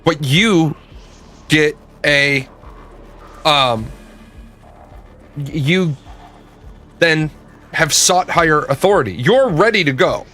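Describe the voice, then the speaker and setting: A man's voice: fairly high pitch, animated, slow, pauses often, pushed and bright, faint music behind. A man giving a blunt, profane political opinion rant in a casual, emphatic way. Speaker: political commentator.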